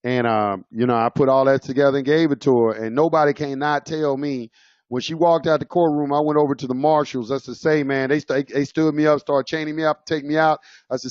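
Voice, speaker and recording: A man's voice: a little high, steady tone, brisk, darkish tone, no echo, lo-fi sound. A man casually telling his own courtroom story, rambling with many fillers and restarts. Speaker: speaker sharing his own experience.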